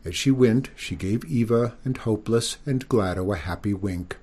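A man reading a children's story aloud, expressive and giving each character a voice. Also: fairly low pitch, normal speed, breathy edge.

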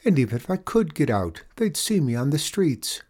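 A man reading a storybook aloud, voicing a shy, tearful female moose in a soft, raised voice. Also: on the high side, big pitch swings, moderate pace, voice pushed up. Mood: tender.

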